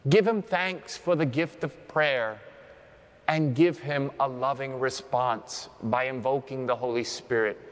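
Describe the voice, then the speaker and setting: A man preaching and leading a guided prayer, gentle and deliberate, dropping low and soft on key phrases. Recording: long hall reverb.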